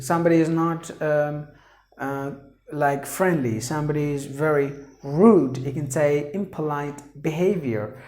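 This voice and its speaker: A man teaching English pronunciation, breaking words into syllables and repeating them deliberately. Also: fairly high pitch, a little mellow, echoey room. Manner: repeats words for emphasis, many fillers. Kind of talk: pronunciation lesson.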